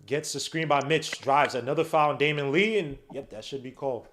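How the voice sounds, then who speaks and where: A man hosting a podcast, giving excited, slangy fan play-by-play of a game and teasing his co-hosts. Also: on the high side, a little fast, slight background noise. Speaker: podcast host.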